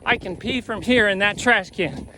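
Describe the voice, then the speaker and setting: A man's voice: high voice, moderate pace, bright, forceful tone, slight background noise, heavily acted, rough recording. A man voicing a crafty gambling old farmer in a told joke, sly and folksy.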